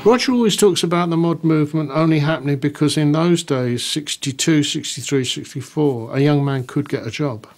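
A man's voice: fairly high pitch, a little fast, few pauses. A man reflecting candidly in an interview.

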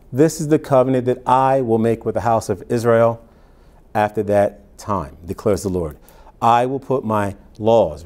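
A male pastor preaches a Bible-teaching sermon, reading verses slowly before unpacking them in plain, conversational asides. His voice is lowish and mellow.

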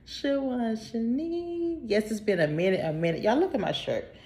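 A woman's voice: lowish voice, animated, a little mellow. A woman, casually chatting to her viewers while unboxing a package, a little out of breath. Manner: chatty, talks to herself, sighs, drawn-out greetings. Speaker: vlogger.

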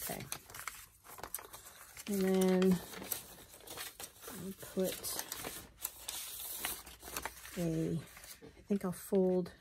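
A woman's voice: on the low side, flat delivery, drawn-out words, long pauses, noisy background. A woman chatting casually through a crafting vlog at home, rambling and poking fun at herself with frequent little laughs. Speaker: journaling crafter.

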